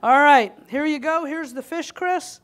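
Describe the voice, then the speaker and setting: Slightly winded, a woman gives a live cooking demo on the kitchen stage of a conference hall, joking and chatting with the audience. Her voice sits high, with a fairly bright tone and a somewhat slow delivery.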